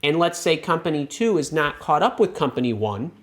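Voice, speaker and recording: A man coaching on job interviews, speaking in a lively, emphatic way with frequent restarts. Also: fairly high pitch, brisk. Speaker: career coach answering a viewer question. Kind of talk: casual advice talk.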